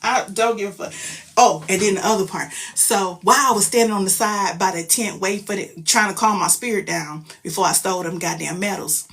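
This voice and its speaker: A middle-aged woman tells a story about her daughter in a loud, profane, emphatic, animated way. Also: mid-range voice, brisk. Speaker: mother telling a story. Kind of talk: casual storytelling vlog.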